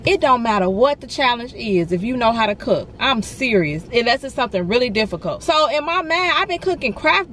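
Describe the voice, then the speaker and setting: A woman's voice: a little high, fairly quick, hardly any pauses, slight background noise. A young woman vlogging from inside a car, chatting and venting to her viewers and calling them y'all and honey. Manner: animated, talks straight to viewers with lots of y'all and honey. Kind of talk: casual ranting chat to viewers.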